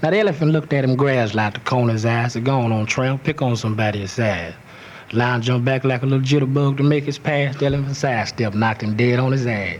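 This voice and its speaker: Guy reciting a rhyming cussing folk tale, mid pitch, steady beat. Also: quick pace, few pauses, slight background noise. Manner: rhythmic rhyming delivery, heavy cursing. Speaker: storyteller. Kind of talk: reciting a rhymed profane folk toast.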